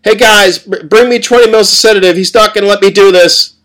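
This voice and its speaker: A man voicing a frantic female nurse who shouts high and urgently. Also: fairly quick, lightly acted. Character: frantic hospital nurse, young woman.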